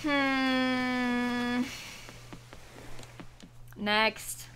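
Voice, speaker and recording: This is a young woman's casual game stream, where she reads chat names and thanks her viewers. Her high voice stays steady and a bit bright, delivered very slowly, with a little hiss or hum and music under the voice.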